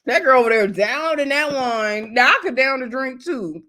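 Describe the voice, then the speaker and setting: A woman vlogger recapping a reality TV episode in a casual, gossipy, animated way, with loose slangy talk and asides to her viewers. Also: sits high, moderate pace. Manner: loose slangy speech addressing viewers as y'all.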